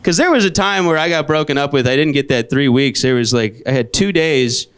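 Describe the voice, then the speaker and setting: A man in his late twenties performing a stand-up comedy set, telling stories in a dry deadpan with sudden jumps into high, exasperated voices. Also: a little fast, clear, resonant tone. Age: 20s. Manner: deadpan storytelling with sudden high-pitched outbursts. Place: comedy club stage. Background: audience laughter.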